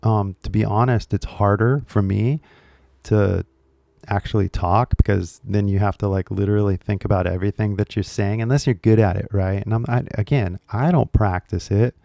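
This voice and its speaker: Californian male host, low gravelly voice, dry sound, chatty and rambling. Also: fairly even intonation, moderate pace, warm tone, no echo. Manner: rambling, filler-heavy, jokey. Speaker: English-learning video host. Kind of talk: casual chat to camera.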